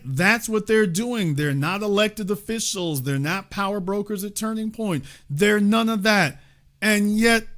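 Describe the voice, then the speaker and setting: A middle-aged man delivers a heated political monologue as host. His voice sits a little high and swoops with lively intonation. He sounds emphatic and sarcastic, jumping from loud outbursts to low muttered asides.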